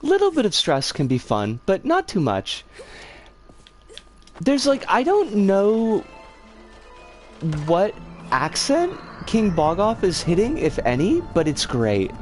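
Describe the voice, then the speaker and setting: Animated, giggly streamer chatting with viewers. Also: medium pitch, slow pace, long pauses, soft background music. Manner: chatty, giggly, swears when frustrated. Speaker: livestreamer reading chat. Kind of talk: casual stream chatter while gaming.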